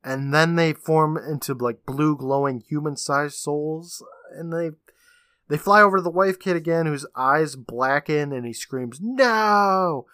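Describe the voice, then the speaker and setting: Bright-voiced man recapping with laughs. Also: on the high side, measured pace, no room sound, studio quality. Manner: animated retelling, laughing often. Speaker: podcast co-host. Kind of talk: casual recap chat.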